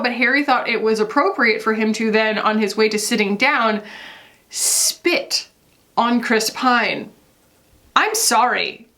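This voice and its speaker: Woman vlogger, chatty, gossipy, fillers, fairly high voice, casual makeup chat. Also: fairly bright tone. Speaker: beauty vlogger.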